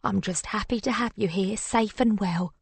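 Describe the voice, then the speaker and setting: A woman's voice: mid-range voice, moderate pace, creaky, slightly rough, dry recording. Woman voicing a fussing, affectionate mum. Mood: soothing. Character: warm middle-aged British mum, fussing. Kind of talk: audiobook character voice.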